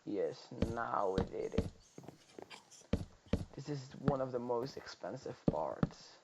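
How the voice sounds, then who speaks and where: A man's voice: mid-range voice, expressive, takes it slowly, gravelly. A man giving casual let's-play commentary, muttering and counting to himself as he plays, often dropping to a half-whisper. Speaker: gameplay streamer. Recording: loud background noise.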